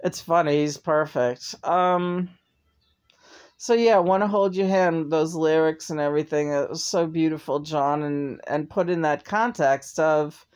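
A woman's voice: low voice, measured pace, darkish tone, clear, resonant tone. A woman vlogger in casual chat, talkative, often laughing and swearing freely.

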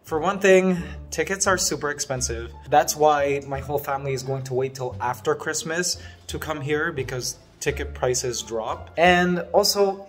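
A man from Canada in his thirties, vlogging casually from his farmhouse and gushing to his viewers with excitement and emotion. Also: on the high side, moderate pace, soft background music. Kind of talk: casual vlog. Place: farmhouse under construction.

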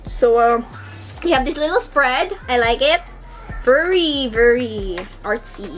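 High, gushing young woman. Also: a little slow, soft background music. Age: young adult. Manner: gushing, squealing fangirl excitement. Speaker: vlogger. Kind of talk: excited unboxing chat.

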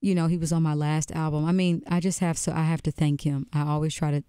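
A woman guest on a radio show, telling a personal story earnestly with halting restarts. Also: low voice, flat delivery, warm tone, clear, resonant tone, no echo, clean studio sound. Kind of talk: casual interview storytelling.

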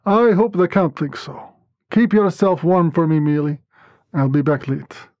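A man voicing an eager, affectionate young Russian nobleman's son who talks in a hurried, light, teasing way. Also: fairly high pitch, no echo, lightly acted. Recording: dull lo-fi dry recording.

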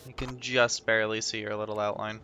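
A man giving tired, monotone commentary while streaming a horror game, with game music behind him. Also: lowish voice, fairly quick, noisy background. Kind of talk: casual let's-play commentary.

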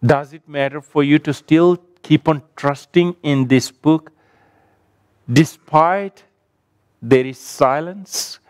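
A male preacher delivers his sermon with a measured, emphatic rhythm, stacking repeated phrases. His voice sits fairly high and comes across smooth and resonant. The sound is dry and close, with no room echo. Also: darkish tone. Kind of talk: sermon with closing prayer.

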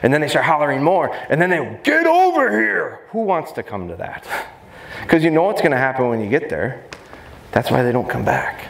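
Animated man teaching in an echoey hall. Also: medium pitch, brisk. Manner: animated, demonstrative, jokey. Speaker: dog trainer. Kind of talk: live seminar talk. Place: expo seminar hall. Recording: echoey hall, faint background noise.

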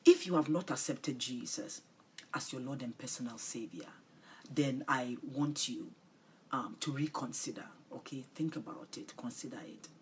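A woman preaching and praying on a livestream, pleading and tender, often repeating short phrases and dropping into soft breathy whispers. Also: extremely low pitch, moderate pace, slight background noise. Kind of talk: livestream sermon and prayer.

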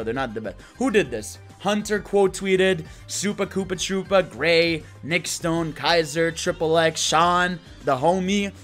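A man's voice: fairly high pitch, fairly bright tone. A young man hosting a live stream, talking to chat in a brash, profane, hyped-up way.

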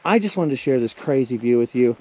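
A man's voice: medium pitch, lively intonation, brisk, dark tone. A middle-aged man, out of breath, chatting in a rambling vlog while hiking outdoors at old ruins. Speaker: vlogger. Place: outdoors at a desert mine ruin.

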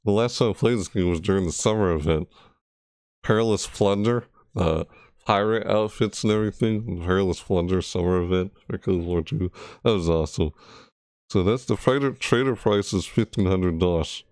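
A man's voice: deep voice, moderate pace, darkish tone, no room sound, studio quality. A man giving casual, rambling reaction commentary on a game, chatty and full of restarts. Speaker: gaming video creator.

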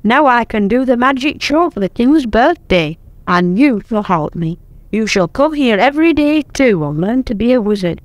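A woman's voice: a little high, lively intonation, normal speed, no echo, natural voice. An older woman voicing an absent-minded old male wizard who sighs and frets, read from a children's storybook. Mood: pleased. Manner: fretful, sighing. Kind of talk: storybook reading.

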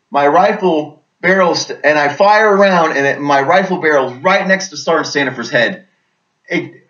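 Veteran man recounting combat, bright forceful voice, vivid and intense, dull lo-fi sound. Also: a little high. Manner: vivid, intense, with many restarts. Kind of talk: casual spoken storytelling.

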